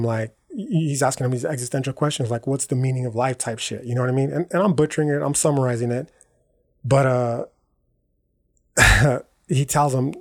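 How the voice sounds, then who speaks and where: A man hosting a podcast in a casual, slangy monologue, profane and rambling, checking in with "right?" and "dog" as he goes. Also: mid-range voice. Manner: rambling, self-correcting. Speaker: podcast host.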